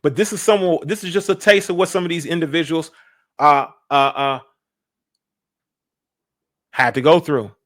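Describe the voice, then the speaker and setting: A man's voice: a little high, normal speed, pauses often, a bit bright. A man hosting a live-stream reaction podcast, talking emphatically in a preachy way, repeating phrases and asking his listeners "right?".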